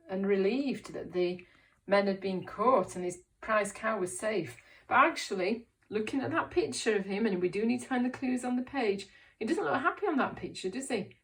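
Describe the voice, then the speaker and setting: A woman teacher reading a picture book aloud to young children, slow and encouraging, asking them questions. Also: medium pitch, distant mic. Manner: slow, encouraging, asks questions and puts on voices for characters. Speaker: primary school teacher.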